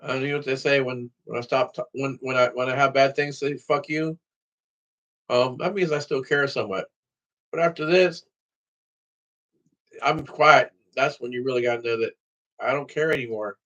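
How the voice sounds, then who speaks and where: Man, vlogger, rambling monologue, heavy swearing, middle-pitched voice. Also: normal speed, a bit bright, muffled recording. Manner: profane, rambling talk to camera. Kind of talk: casual vlog monologue.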